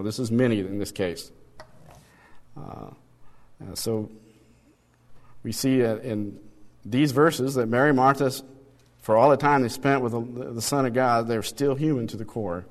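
Male Bible study teacher, mid-pitched, conversational and questioning, recorded with long reverb. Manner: conversational, asks rhetorical questions, reads passages aloud.

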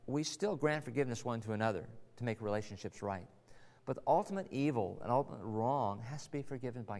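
A man's voice: mid-range voice, gravelly, darkish tone. A man preaching a sermon as pastor, earnest and building to emphatic rhetorical questions. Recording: long reverb of a large hall.

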